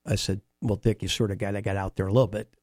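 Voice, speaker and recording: A man telling animated anecdotes in a conversation, acting out quoted dialogue. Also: lowish voice, fast, no room sound, clean studio sound. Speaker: interview guest, former baseball team staffer. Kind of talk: storytelling conversation.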